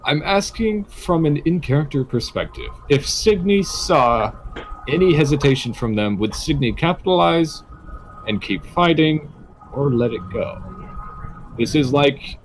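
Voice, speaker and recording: Male game master, measured and patient, mid-pitched voice, light hiss behind. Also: lively intonation, rough recording. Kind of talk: running a tabletop game over a call.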